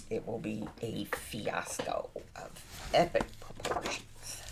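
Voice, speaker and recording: A woman, chatting casually and wryly to herself as she works through a craft project, dropping into soft muttered asides. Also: very deep voice, creaky. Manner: wry, self-mocking muttering to herself; drops into soft asides while working. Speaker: crafting vlogger. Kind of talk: casual narration while crafting. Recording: noisy background.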